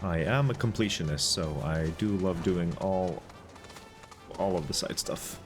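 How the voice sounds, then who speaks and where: A male game streamer with a lowish voice chats slowly and casually as he plays. He rambles, filling pauses with ums and uhs. Soft game music sits under his talk. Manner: laid-back, rambling, with frequent ums and uhs. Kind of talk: casual gameplay commentary.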